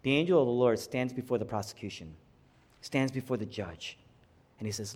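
A man's voice: expressive, moderate pace, long pauses. Preaching man in a reverberant hall. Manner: swings from hushed low lines to loud high climaxes. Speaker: pastor. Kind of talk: sermon.

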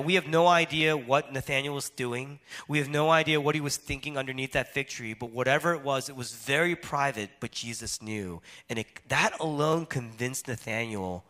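A man preaching a sermon, swinging between loud emphatic stretches and hushed, quiet ones. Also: mid-range voice. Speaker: pastor.

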